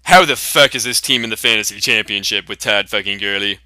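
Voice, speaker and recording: A man's voice: on the low side, brisk, sharp tone, dry recording, clean studio sound. A young man hosting a comedy sketch, brashly boasting and swearing through profane trash talk.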